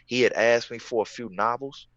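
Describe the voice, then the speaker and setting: A man's voice: mid-range voice, steady tone, moderate pace, a bit bright, no echo. Man, former prisoner, casual storytelling, emphatic repetition, dull lo-fi sound. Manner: emphatic, repeats phrases.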